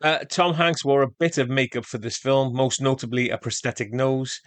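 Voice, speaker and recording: A man co-hosting a podcast, reading out film trivia in a steady, matter-of-fact way. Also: medium pitch, normal speed, no echo. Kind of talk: casual chat with read-out facts.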